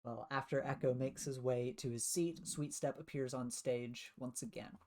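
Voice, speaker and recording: A man narrating a tabletop role-playing game as game master, relaxed and full of filler words. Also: mid-range voice, moderate pace. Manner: relaxed, filler-heavy narration with many uhs.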